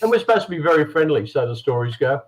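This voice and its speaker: An Australian man with a slightly high voice, chatting over a video call. He talks in a relaxed, jokey way and laughs easily. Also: fast, low-quality recording. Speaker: tour partner guest. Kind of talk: casual video call chat.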